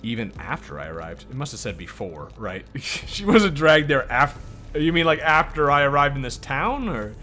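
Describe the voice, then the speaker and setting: Wry, animated gaming streamer man. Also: medium pitch, moderate pace, soft background music. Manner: wry, swearing, thinking aloud with laughs. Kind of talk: casual game commentary.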